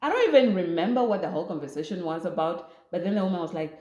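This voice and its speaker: A young Namibian woman vlogger tells a story casually, speaking very fast in a lowish voice. She animatedly acts out the voices of what people said, and the recording has a roomy echo.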